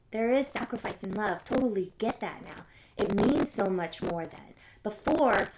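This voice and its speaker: A woman hosting a live stream, giving an earnest, musing faith talk to her viewers and coming back to key phrases. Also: medium pitch. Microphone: phone or webcam on a live stream. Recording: loud noise, jumbled live-stream audio.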